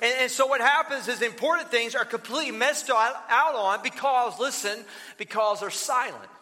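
A man's voice: very high-pitched, moderate pace, sharp tone. A middle-aged male pastor giving a conversational sermon with stories and joking asides. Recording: long reverb of a large hall.

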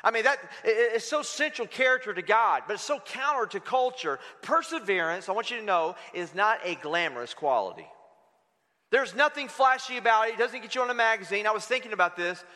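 A pastor preaching an energetic, humorous sermon in a church, addressing the congregation directly. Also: male voice, sits high, fairly quick. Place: church sanctuary. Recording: echoey hall.

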